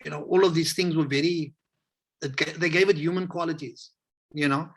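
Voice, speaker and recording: A South African man talking in a relaxed, rambling way and acting out the voices of people he quotes, as a guest on a video call interview. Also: on the high side, a little fast. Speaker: hip hop educator, interview guest. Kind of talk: casual interview conversation.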